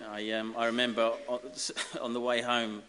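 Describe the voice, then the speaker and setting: A man's voice: mid-range voice, level tone. Man, wry speech in echoing hall. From Essex, England. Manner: self-deprecating, wry, halting with fillers. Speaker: honorary graduate giving a speech. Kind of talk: comic acceptance speech. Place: large ceremony hall. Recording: reverberant hall with faint hiss.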